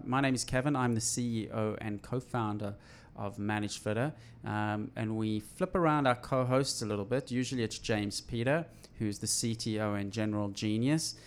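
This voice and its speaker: A man hosts a casual tech podcast from an office, his voice gravelly with fry. He rambles, restarts sentences and fills pauses with ums. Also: mid-range voice. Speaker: podcast host.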